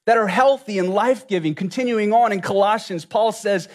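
High-voiced preacher. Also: male voice, fairly quick. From Louisiana, USA. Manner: earnest, with many reflective questions. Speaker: pastor. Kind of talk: sermon.

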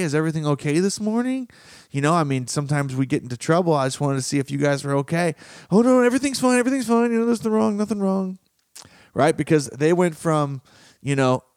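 A man's voice: medium pitch, no room sound, studio quality. A man hosting a podcast as a relationship coach, telling stories in a loose, conversational way and briefly acting out the people in them. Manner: conversational storytelling, acts out quoted voices. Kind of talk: solo podcast monologue.

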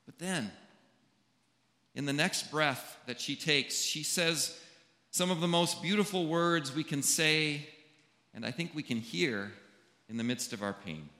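A man, a pastor, giving a funeral sermon in a slow, deliberate delivery with long pauses. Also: a little high, pushed and bright. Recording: echoey hall with long reverb.

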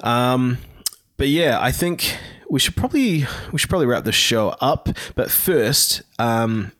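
A man's voice: medium pitch, expressive, unhurried, fairly bright tone. A man co-hosting a podcast in an easygoing, casual way with lots of fillers. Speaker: podcast co-host. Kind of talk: casual chat.

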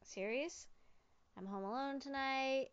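A woman's voice: sits high, a little slow, clear, resonant tone, dull audio. A woman hosting a solo podcast from home on a fancy microphone, rambling with goofy jokes and self-corrections. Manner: loopy, jokey, self-interrupting, keeps saying "just kidding". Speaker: podcast host. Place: at home, alone. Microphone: fancy studio microphone.

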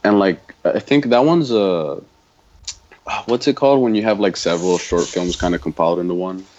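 A man's voice: sits low, normal speed, darkish tone. A man co-hosting a podcast, chatting casually about films in a rambling way with many fillers. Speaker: podcast co-host. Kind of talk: casual film chat. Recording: dull lo-fi audio.

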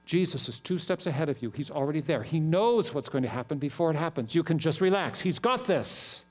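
A middle-aged male pastor preaching a sermon, animated and telling stories with quick asides. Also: a little high.

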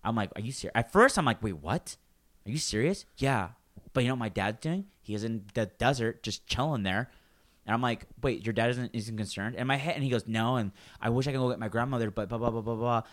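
Picture a man at a middle pitch spinning a long story between friends, jumping into other people's voices as he goes. He swears freely and keeps the telling loose and animated. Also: brisk. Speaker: storyteller in a casual chat. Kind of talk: casual chat.

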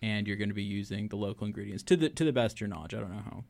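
A man's voice: on the low side, racing, gravelly, a little mellow, no echo. A man hosting a casual interview, asking playful quiz-style questions. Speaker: podcast host.

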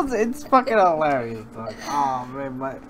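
Brief: male podcast host, animated pitch, laughs a lot, loose slang. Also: takes it slowly, crowd noise. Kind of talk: casual podcast chat.

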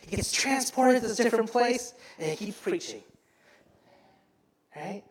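Male pastor, sermon, animated storytelling, lively swooping pitch, roomy church echo. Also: a little slow. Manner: animated storytelling, acts out voices.

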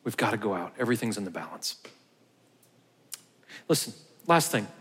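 A man's voice: on the low side, lively intonation, normal speed, fairly bright tone, breathy edge. A man, a pastor, giving a conversational sermon and telling a personal story with quoted dialogue. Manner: conversational, tells stories with quoted dialogue and laughs. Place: church sanctuary. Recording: long hall reverb.

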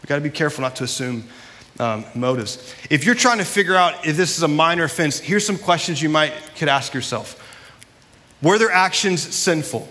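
A man's voice: fairly high pitch, animated, moderate pace, bright, forceful tone. A man preaching a sermon in a church sanctuary, earnest and conversational, with a long hall reverb. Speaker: pastor.

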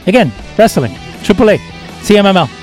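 An older man chats loosely on a podcast, his voice riding high and bouncing all over. He swears casually and drops Spanish words into his talk. Faint guitar music plays underneath. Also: fairly quick. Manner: animated, loose and swearing, dropping Spanish phrases. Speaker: podcast co-host.

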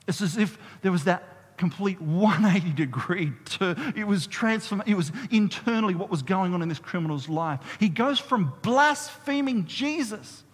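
A man preaching a sermon as a pastor, in a lively, conversational way, drawing the congregation into call-and-response. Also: high voice, moderate pace, breathy edge. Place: church hall. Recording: long reverb of a church hall.

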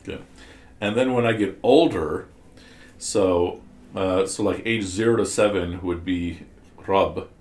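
A deep-voiced man with a darkish tone teaches slowly in an echoey room, commenting on scripture. He guides the class through ideas step by step, questions his students, and frequently begins his sentences again.

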